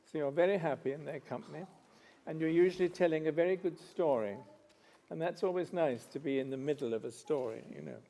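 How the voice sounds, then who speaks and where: Gravelly-voiced actor, gentle with children. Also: male voice, on the high side, a little fast. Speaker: actor, visiting guest. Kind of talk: casual chat with schoolchildren. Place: school.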